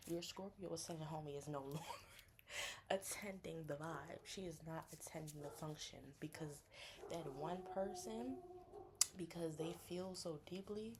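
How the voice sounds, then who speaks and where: A woman chatting casually about astrology, animated and slangy, acting out friends in higher voices. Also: normal speed, background noise. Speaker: astrology content creator. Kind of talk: casual chat.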